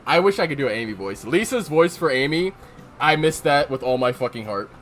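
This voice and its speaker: Casual, joking let's-play streamer with lively pitch. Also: brisk.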